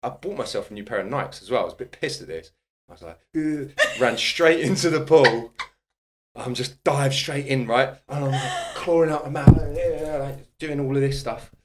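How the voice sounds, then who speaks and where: Over a noisy crowd, a medium-pitched man speaks a little fast. This personal trainer, appearing as a podcast guest, tells a lively, casual story, swearing a lot and laughing throughout.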